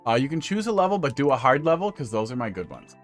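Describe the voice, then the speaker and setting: Over faint music, a man streams a level-building game and talks fast in a mid-range voice with big swings in pitch. His commentary is casual, rambling, and full of jokes, with occasional humming.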